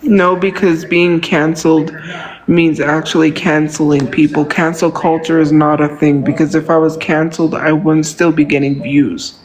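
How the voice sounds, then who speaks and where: A woman's voice: low voice, level tone, moderate pace, a little mellow, poor audio. A woman livestreamer ranting to her viewers, indignant and profane, saying "literally" and "like" again and again.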